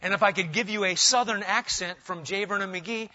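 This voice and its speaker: High, bright-voiced man preaching a sermon. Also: fairly quick. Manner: animated preaching, swinging between loud emphasis and quiet asides. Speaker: pastor. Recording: dull, lo-fi sermon recording.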